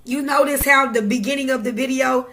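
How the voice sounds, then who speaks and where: A woman's voice: high voice, fairly even intonation, fairly quick, a bit bright. A woman vlogging to camera, giving a raw, preachy pep talk straight to the viewer. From Midwest United States. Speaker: tarot reader vlogger. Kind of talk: casual motivational talk to camera.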